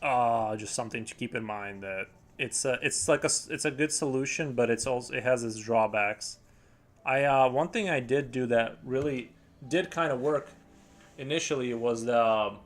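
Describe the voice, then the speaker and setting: A man live-streaming while he paints, chatting casually in a rambling, hesitant way full of fillers and restarts. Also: mid-range voice.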